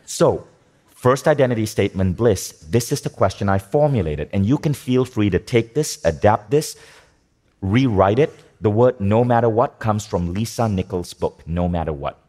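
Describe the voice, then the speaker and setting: A man giving a motivational talk to a live audience, energetic, asking the room questions and repeating key phrases. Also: lowish voice, moderate pace. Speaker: speaker teaching a workshop.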